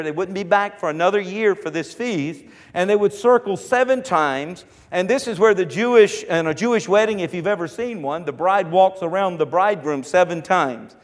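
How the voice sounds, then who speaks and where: A man preaching a sermon, repeating his phrases and building up to fervent shouts. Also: sits high, big-room sound.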